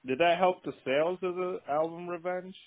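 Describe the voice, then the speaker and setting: A man's voice: high voice, normal speed. Interviewer, man, casual short prompts, thin lo-fi audio. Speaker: zine interviewer. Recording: tinny phone-like audio.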